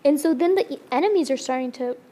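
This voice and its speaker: A woman's voice: high voice, quick pace, dark tone, a little hiss or hum. A woman telling a religious story in an earnest, emotional way during a discussion, often restarting her sentences.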